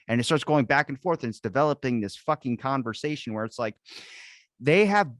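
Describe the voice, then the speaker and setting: A man hosting a casual podcast chat, telling stories in an animated, profane way. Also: mid-range voice, brisk, no room sound, studio quality. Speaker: podcast host.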